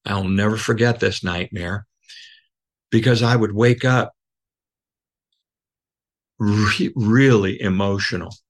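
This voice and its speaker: A man guest telling a personal story, earnest and emotional, halting with many fillers and restarts. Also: on the low side. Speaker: podcast guest.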